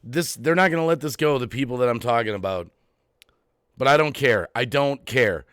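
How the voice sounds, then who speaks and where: A man hosting his own channel's live stream, agitated and worked up, repeating phrases and swinging between quiet and loud. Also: mid-range voice, moderate pace, clean tone, no room sound, studio quality. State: agitated, heart racing. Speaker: YouTube channel host. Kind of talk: emotional live-stream rant.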